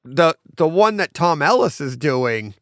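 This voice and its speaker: A man's voice: on the high side, big pitch swings, measured pace, no echo. Man, podcast co-host, chatty, laughing asides, dry close mic. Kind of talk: casual chat.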